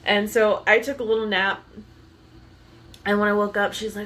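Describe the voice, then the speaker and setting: A woman's voice: mid-range voice, flat delivery, normal speed, long pauses, a bit bright. A woman co-hosting a podcast, chatting casually and telling stories while acting out what others said. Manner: chatty storyteller who acts out others' lines. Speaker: podcast co-host. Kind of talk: casual chat and storytelling.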